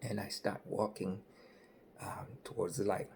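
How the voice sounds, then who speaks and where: A man's voice: lowish voice, level tone, measured pace, gravelly, darkish tone, slightly rough. A man from Malawi, a comedian telling a story on stage and acting out the voices. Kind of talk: stand-up storytelling.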